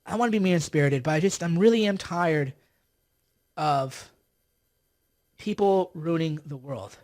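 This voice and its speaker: A man's voice: on the high side, measured pace, darkish tone. A man hosting a livestream, ranting with sarcasm and exasperation as he mocks his opponents. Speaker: political commentator hosting a livestream.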